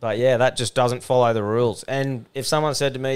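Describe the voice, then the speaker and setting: A young Australian man co-hosts a podcast, spinning blunt, sweary yarns in laid-back, casual banter. His mid-range voice has fairly even intonation, a brisk pace, and a clean tone.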